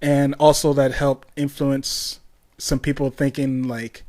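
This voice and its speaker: A man's voice: medium pitch, flat delivery, slow, a little mellow. A young man hosting a casual solo podcast, rambling along with lots of ums, restarts and tangents. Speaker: podcast host.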